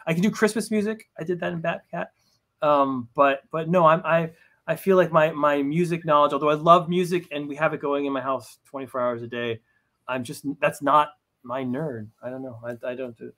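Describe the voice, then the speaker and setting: A comic book writer, interviewed as a guest, chats in a slightly high, somewhat bright voice at a normal pace. He often stammers and restarts, and he talks about himself in a self-deprecating way.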